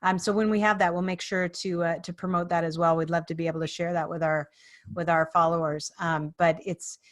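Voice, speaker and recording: A woman hosting a podcast interview, telling a lively story and acting out the people in it. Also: lowish voice, a little fast. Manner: animated storyteller, acts out quoted people. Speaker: podcast host.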